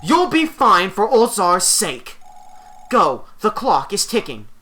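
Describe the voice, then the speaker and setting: A man's voice: high voice, wildly swooping pitch, slow pace, pushed and bright, voice pushed up, full character voice. A man voicing a solemn elder in a video game, reading the lines with mock grandness.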